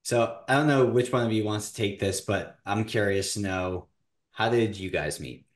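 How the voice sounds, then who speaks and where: Low-voiced guy hosting a podcast, kinda rambly, lots of restarts. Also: normal speed. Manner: rambling, builds questions with many restarts. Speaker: podcast host. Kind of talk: casual interview.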